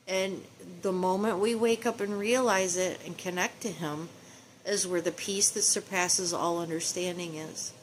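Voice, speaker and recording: A woman's voice: medium pitch, a little hiss or hum. A middle-aged woman speaking tenderly and pleadingly in a personal video message to her estranged children, quoting scripture at times. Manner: preachy, quotes scripture.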